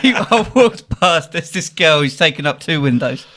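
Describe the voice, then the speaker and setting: A man swaps stories on a podcast with a fairly high voice that swings up and down a lot. He tells anecdotes loudly and laughs often as he goes. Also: a little slow. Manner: rowdy, laughing, animated anecdotes. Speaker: podcast co-host. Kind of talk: casual storytelling chat.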